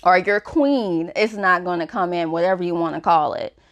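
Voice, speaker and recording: A woman's voice: on the low side, moderate pace. A woman hosting a self-help podcast, talking frankly and casually with lots of "you know" fillers. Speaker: podcast host.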